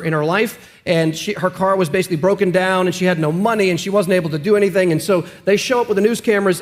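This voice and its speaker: A man, a pastor, telling stories and preaching in an earnest, emphatic way during a team sermon discussion. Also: sits high.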